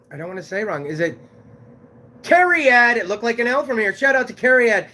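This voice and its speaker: Brief: male livestream host from Fresno, high-pitched and lively, shouts and swears casually. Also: moderate pace. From Fresno, California. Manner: loud shouting delivery, crude swearing. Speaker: live show host.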